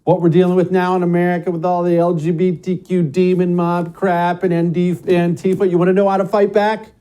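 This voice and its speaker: A middle-aged man hosting an opinion show, talking emphatically and swinging between loud bursts and low, muttered asides. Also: little pitch movement, normal speed, slight background noise. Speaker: show host. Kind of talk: opinionated commentary monologue.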